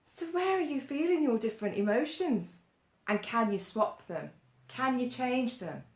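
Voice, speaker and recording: A woman leading a gentle mindfulness lesson for children, coaxing them along with lots of playful questions. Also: on the high side, animated, measured pace. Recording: roomy echo.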